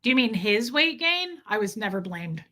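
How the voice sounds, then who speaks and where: A woman's voice: mid-range voice, big pitch swings, normal speed, sharp tone. A woman hosting a casual livestream, reading chat and rambling, cooing over her cat and swearing offhand. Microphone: streaming setup.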